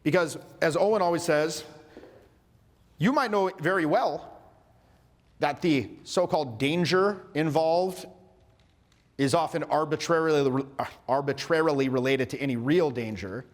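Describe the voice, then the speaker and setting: Male coach, 40s, pitched a bit high, casual animated workshop delivery with swearing, recorded with long hall reverb. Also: measured pace. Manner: animated, acts out little dialogues, casual swearing. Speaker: social skills coach. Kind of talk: workshop lecture.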